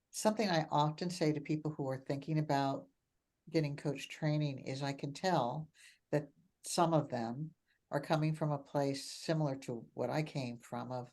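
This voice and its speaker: Older lady coach, low voice, talks warm and animated, repeats stuff for emphasis. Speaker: coach and mentor. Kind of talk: reflective conversational talk.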